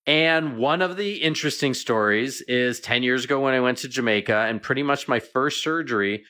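A middle-aged man, a veterinarian guest, chatting and telling animated stories in a radio interview. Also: mid-range voice, moderate pace.

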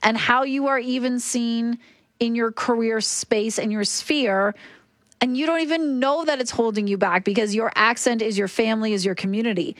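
A woman's voice: on the high side, moderate pace, no room sound. A woman hosting a talk show, recounting an interview in an earnest, explanatory way. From Canada. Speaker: host. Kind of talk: conversational news talk.

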